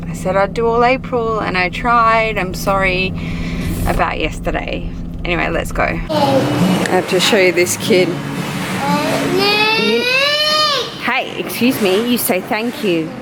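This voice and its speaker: A tired, weak-sounding young Australian woman chatting straight to her viewers in a casual daily vlog, recorded on a handheld camera. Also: mid-range voice. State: tired and weak after illness. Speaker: vlogger. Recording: noisy handheld vlog audio.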